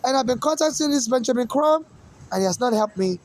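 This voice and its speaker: A man's voice: very high voice, animated, quick pace, a little mellow, rough recording. A man from Nigeria with an accent that mixes Nigerian and American English, rambling through a personal monologue and circling back to the same points again and again. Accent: mixed Nigerian and American English.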